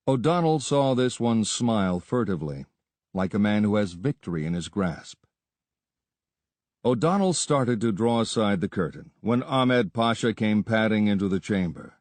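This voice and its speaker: Man reading an old adventure story, steady and measured, dry close sound. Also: fairly low pitch, no echo. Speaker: audiobook narrator. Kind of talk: scripted narration.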